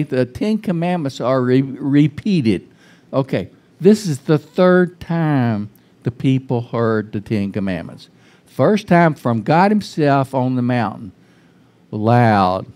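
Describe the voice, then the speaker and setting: With a medium-pitched, slightly mellow voice, a male pastor preaches informally in a church sanctuary. He talks conversationally, often starting sentences over and asking the congregation questions.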